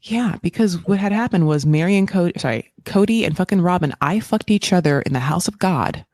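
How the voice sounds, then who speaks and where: A woman's voice: lowish voice, animated, fairly quick, a little mellow, no echo, clean studio sound. A woman co-hosting a pop culture recap podcast, telling stories in a crude, comedic way. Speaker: podcast co-host.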